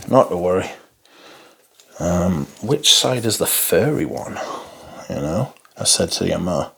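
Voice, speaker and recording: A man reviews fragrances in a loose, rambling chat, swearing casually and calling the audience his friends. His voice is a little husky, and his pitch swings about with lively ups and downs. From Newcastle, England. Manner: chatty and rambling, swears freely, addresses viewers as friends.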